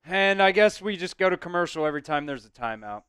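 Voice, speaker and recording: A man's voice: sits high, expressive, fast, sharp tone, clean tone, no room sound. A man hosting a live fan stream, giving blunt, frustrated play-by-play with some swearing.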